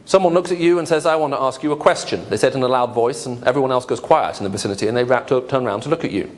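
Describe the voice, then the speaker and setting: A man's voice: mid-range voice, rapid-fire, a little mellow. A man giving a humorous lecture to an audience, asking rhetorical questions. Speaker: lecturer on apologetics. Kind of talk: lively lecture to a live audience.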